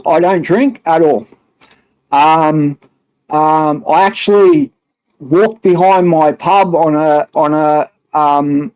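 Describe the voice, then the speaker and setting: A man's voice: a little high, darkish tone. An Australian man telling his own story on a live stream, rambling and blunt with plenty of swearing. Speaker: guest caller. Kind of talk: casual live-stream chat.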